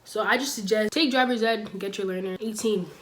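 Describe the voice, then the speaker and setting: A teenage girl talks casually into her camera, giving frank, no-nonsense advice. Her voice sits at a middle pitch and jumps up on emphatic words. A faint hiss runs under the recording. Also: brisk. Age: teens. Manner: blunt, emphatic, lively with sudden loud stresses. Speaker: vlogger giving school advice. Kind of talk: casual sit-down advice talk. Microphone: camera mic, sitting.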